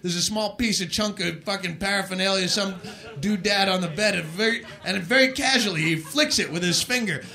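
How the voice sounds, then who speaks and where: A man performing a live stand-up set, telling crude stories in a rant and shouting his punchlines from a club stage. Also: high-pitched, fairly quick, gravelly. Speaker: stand-up comedian. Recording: live club set with loud audience laughter.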